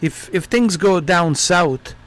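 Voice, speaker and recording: A man's voice: high voice, expressive, slow pace, a bit bright. A man live-streaming a game, casually and playfully talking back to the characters. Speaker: gaming streamer.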